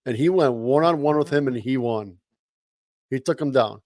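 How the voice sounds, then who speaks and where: A man's voice: mid-range voice, normal speed, darkish tone, no echo, poor audio. Laid-back man in sports chat. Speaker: podcast co-host.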